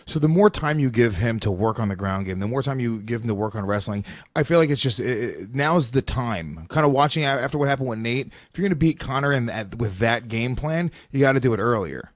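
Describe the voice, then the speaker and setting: A man's voice: medium pitch, expressive, fairly quick, hardly any pauses, no room sound, studio quality. A man co-hosting a podcast in casual chat, loose and rambling, often restarting his sentences. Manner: loose, rambling, self-correcting. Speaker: podcast co-host.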